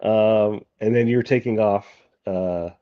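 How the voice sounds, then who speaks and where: A man narrating as game master of a tabletop role-playing game, halting and full of restarts. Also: fairly low pitch, fairly even intonation, dry recording, phone-quality sound. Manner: halting, many fillers and restarts.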